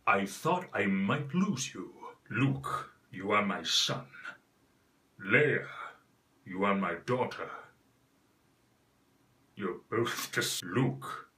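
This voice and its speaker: A menacing male space villain , as a man puts him on, rumbles in a voice pushed low and heavy. Every word comes out slow and deliberate, for a comic impression. The tone has a bright, forceful edge despite the depth. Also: animated, recorded from a distance, full character voice.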